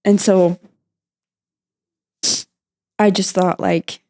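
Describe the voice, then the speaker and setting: A young woman guest on a podcast, recounting her mother's hospital visit in a halting, emotional way, with many fillers and restarts. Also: mid-range voice, steady tone, mellow. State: emotional, near tears at times. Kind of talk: emotional personal storytelling.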